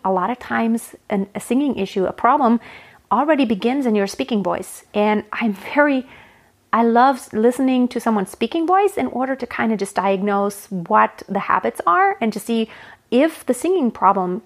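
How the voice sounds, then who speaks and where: A woman voice coach talking through a solo podcast episode, chatty and explanatory, often restarting mid-phrase. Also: fairly high pitch.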